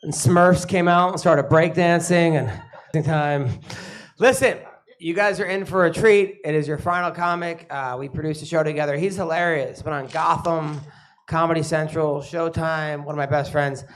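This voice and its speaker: A man's voice: fairly high pitch, fairly even intonation, normal speed. A man hosting a comedy show, cracking crude jokes and introducing comics to the crowd. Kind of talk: stand-up hosting.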